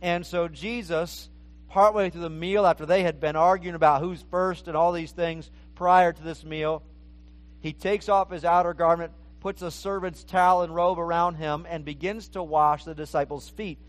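A man with a notably high voice preaches a verse-by-verse sermon. He talks earnestly and often repeats a word as he restarts a phrase. He speaks in the manner of a pastor teaching his congregation. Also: steady tone, moderate pace. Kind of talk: expository sermon.

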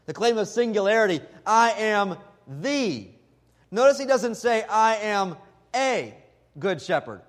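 Male pastor with a high voice, emphatic pulpit delivery, deliberate when reading verses. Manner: emphatic, slows down when quoting scripture. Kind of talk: expository sermon.

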